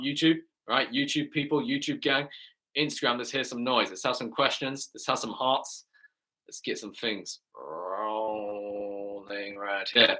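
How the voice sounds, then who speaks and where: Energetic, bright-voiced male fitness coach. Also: medium pitch, low-quality recording. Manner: energetic, chatty, keeps addressing viewers, repeats phrases. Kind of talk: live-stream Q&A.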